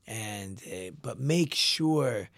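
A man voicing a kind king who speaks slowly and reassuringly. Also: lowish voice, animated, creaky, a bit bright, no echo, exaggerated voice. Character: kind, generous disguised king.

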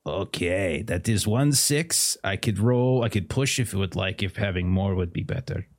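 A man's voice: low voice, normal speed. A man playing a tabletop game, bantering in a playful, scheming way. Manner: playful, scheming, laughs often. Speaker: player.

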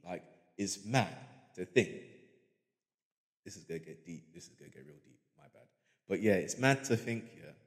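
A man's voice: low-pitched, darkish tone, big-room sound. A young man hosting a casual solo podcast, rambling and laid-back, leaning on slang and fillers as he muses. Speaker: podcast host.

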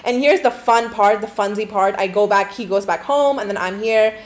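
This young woman's storytime, told to camera in a mid-range voice at a moderate pace, is casual and rambling. Swearing comes often, and so does the word "like."

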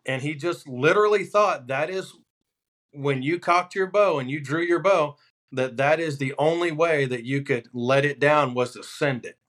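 A man guesting on a podcast as a hunting outfitter, telling stories in a relaxed, animated way with deadpan punchlines. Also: on the high side, moderate pace. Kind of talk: casual podcast storytelling.

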